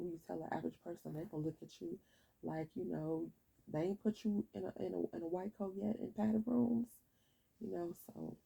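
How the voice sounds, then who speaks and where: A woman's voice: low-pitched, vocal fry, mellow, breathy edge, rough recording. A woman vlogging a rambling, frustrated late-night rant to her viewers, sleepy and yawning, stumbling and restarting as she talks.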